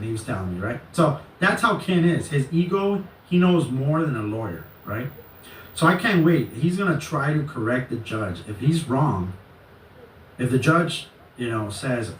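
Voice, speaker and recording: A man telling a story in a casual vlog rant, rambling and animated, with swearing. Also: medium pitch, normal speed. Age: adult. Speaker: channel host. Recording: echoey, distant mic, faint noise.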